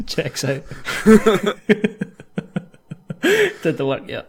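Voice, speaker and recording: A man's voice: fairly high pitch, wildly swooping pitch, drawn-out words, a bit bright. A man hosting a podcast, teasing his guest and giggling as he pushes for more. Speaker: podcast host. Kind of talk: casual podcast interview.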